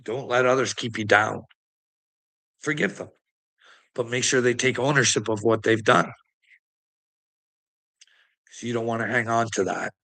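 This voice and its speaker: A man rants into the mic in a taunting, profane monologue, his voice rough and gravelly. The tone is tense and edgy, and he mocks his listeners, hammering home words by repeating them. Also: mid-range voice, measured pace, long pauses, pushed and bright. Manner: taunting, profane, mocking laughs. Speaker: online commentator. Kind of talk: ranting monologue to camera.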